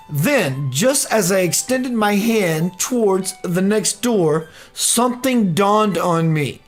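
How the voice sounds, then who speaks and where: A man reads a personal story aloud on his radio show, slow and unhurried. He often breaks into laughter between lines. Faint music plays behind him. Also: high-pitched.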